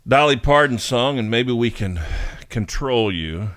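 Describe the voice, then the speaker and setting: A man hosting a radio interview, playful and teasing, quick to laugh with his guest. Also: medium pitch, lively intonation, fairly bright tone, no echo, clean studio sound. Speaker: radio show host. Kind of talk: casual interview chat.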